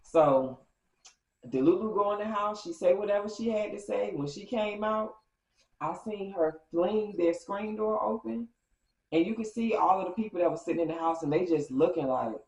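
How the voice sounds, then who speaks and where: A woman vlogger telling a story in a casual, animated way, acting out quotes with big jumps in pitch. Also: moderate pace, echoey room, low-quality recording.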